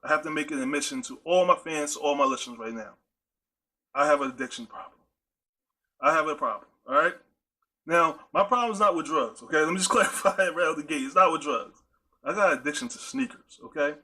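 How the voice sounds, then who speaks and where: A man's voice: fairly high pitch, sing-song, a little fast, vocal fry, bright, forceful tone. A man hosting a podcast, speaking in a casual, chatty monologue that addresses his listeners directly and often repeats himself with playful asides. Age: adult with a high-school-age nephew. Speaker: podcast host.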